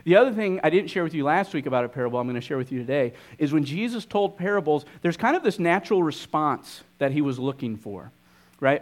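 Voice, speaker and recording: A young adult man, a pastor, teaching a sermon in a conversational way, asking the audience questions and reading scripture aloud. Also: on the high side.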